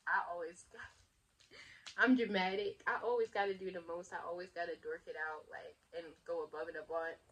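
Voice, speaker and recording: A woman's voice: fairly low pitch, fairly bright tone. A young woman vlogging to camera in casual, rambling chat, laughing often and talking with lots of fillers.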